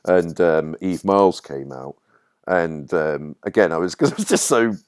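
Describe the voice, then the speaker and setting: Man, middle-aged, low voice, dry close sound; lively anecdotal guest who mimics others in high pitch. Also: normal speed, smooth, no room sound. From Yorkshire, England. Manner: animated storyteller, acts out quotes in high voices. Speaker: guest writer. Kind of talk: casual anecdotal interview.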